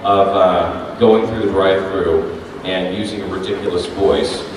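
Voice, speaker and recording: A man's voice: low-pitched, a little slow. Man telling stories in an echoey hall. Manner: laughing, animated storyteller. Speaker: voice actor, panel guest. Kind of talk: convention panel Q&A storytelling. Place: large convention panel room. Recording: echoey hall from far off, noisy.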